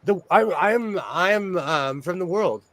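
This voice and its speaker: A man from Los Angeles, hosting a casual chat and telling animated stories with quick asides. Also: high-pitched, no room sound. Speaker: host.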